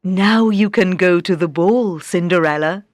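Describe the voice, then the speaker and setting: A woman voicing a gentle fairy godmother in a calm, reassuring way for a storybook. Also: lowish voice, a little slow, no room sound, studio quality, natural voice. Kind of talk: storybook read-aloud.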